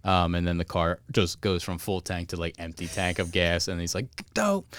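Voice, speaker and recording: A man's voice: low-pitched, completely flat delivery, fairly bright tone, smooth, no echo. A man co-hosting a podcast, casually recapping a cartoon episode, laughing often and quoting lines. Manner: laughs often, quotes lines in quick put-on voices. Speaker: podcast co-host.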